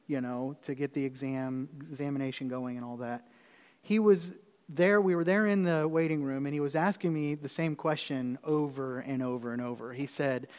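A man's voice: a little high, big-room sound. A man preaching as pastor, telling a personal story in a conversational way with repeated phrases before moving into the sermon.

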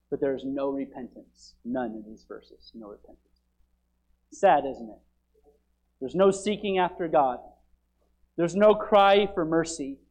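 High-voiced man preaching a fiery sermon. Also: lively intonation, measured pace, pauses often. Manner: swings from loud urgent preaching to quiet, low asides. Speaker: pastor.

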